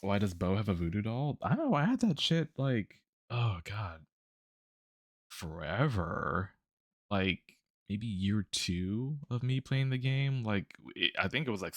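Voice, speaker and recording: A man's voice: lowish voice, no room sound, studio quality. A man streaming while drawing, chatting casually about a tabletop game character, rambling with lots of fillers, restarts and laughs.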